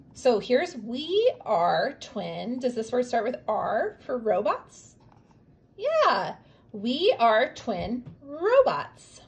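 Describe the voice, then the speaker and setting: A woman teacher giving a remote reading lesson to young children, encouraging them and slowly sounding out words. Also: medium pitch, husky, highs cut off.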